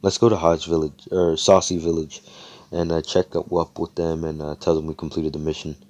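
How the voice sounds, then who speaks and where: A man's voice: extremely low pitch, little pitch movement, fairly quick, very noisy. A man doing a hesitant young squad mate. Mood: unsure. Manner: hesitant, full of ums.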